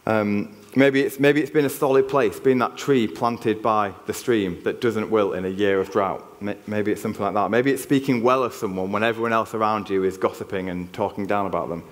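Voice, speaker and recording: A man's voice: fairly low pitch, a little fast, few pauses. A man with a Yorkshire accent preaching a church sermon in an earnest, conversational way, often restarting his sentences. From Yorkshire, England. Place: church hall. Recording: long reverb of a church hall.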